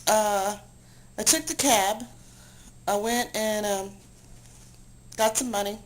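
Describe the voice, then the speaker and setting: A woman sits at home with a camera pointed at herself, worn out and low after crying all day. She rambles and vents with exasperated, self-mocking asides. Her voice sits at a middle pitch, with a faint hiss behind it. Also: slow pace, poor audio. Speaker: video blogger. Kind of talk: emotional venting to camera. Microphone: handheld camera she aims at herself.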